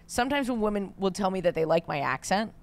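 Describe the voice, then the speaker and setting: A woman with a New York accent chatting on a podcast, her voice raspy with vocal fry, joking and self-deprecating. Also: medium pitch, lively intonation, fast talker. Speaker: podcast host. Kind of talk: casual chat.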